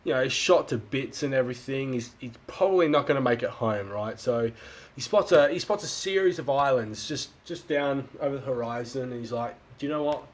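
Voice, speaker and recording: Australian man, livestream host, casual chat, repeats words, swears freely, medium pitch. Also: a little fast. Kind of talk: casual chat and joke telling.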